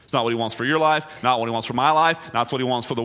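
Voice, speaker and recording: A man, a pastor, preaching a sermon full of rhetorical questions, swinging between hushed, low passages and emphatic, raised ones. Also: racing, hardly any pauses.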